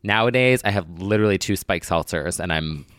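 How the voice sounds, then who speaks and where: A man's voice: sits low, expressive, brisk, fairly bright tone, slight background noise. A young man co-hosting a podcast in a campy, gossipy way, sounding groggy and hungover. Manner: campy, gossipy, lots of likes. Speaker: podcast co-host. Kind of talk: casual chat.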